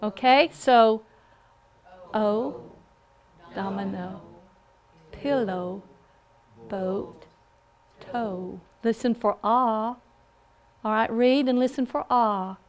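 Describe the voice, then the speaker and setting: A woman with a Southern American accent, teaching a phonics class in a classroom and checking in with a patient "okay?". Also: fairly high pitch. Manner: slow, patient, with frequent "okay?" check-ins. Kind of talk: classroom lesson.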